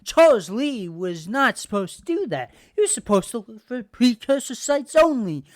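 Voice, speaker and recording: A woman's voice: sits low, fairly even intonation, a little slow, smooth, no room sound, clean studio sound, voice pushed down. Woman quoting an evasive, excuse-making father. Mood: defensive. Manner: flustered and defensive. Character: evasive, self-excusing middle-aged father.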